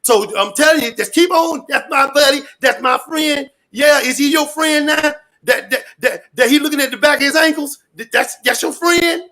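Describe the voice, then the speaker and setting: A man ranting loudly and profanely in street slang, rambling and repeating his catchphrases. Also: very high-pitched, normal speed, few pauses. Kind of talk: animated rant to an interviewer.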